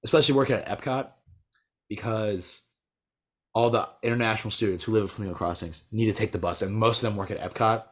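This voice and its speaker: A young American man chatting casually, telling a rambling story full of "like" and quick laughs. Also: lowish voice. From United States. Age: young adult. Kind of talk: casual chat.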